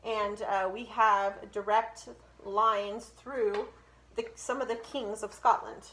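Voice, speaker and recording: A woman's voice: medium pitch, level tone, slow, fairly bright tone, roomy sound. A woman co-hosting a casual family history video, chatty and a little giggly, with frequent ums. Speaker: co-host.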